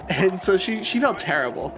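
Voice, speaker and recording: Man, casual storyteller, animated, game music behind, gaming video. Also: sits high, measured pace. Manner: animated, loud jumps when quoting people. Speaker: co-host of a gaming channel. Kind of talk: casual storytelling during gameplay.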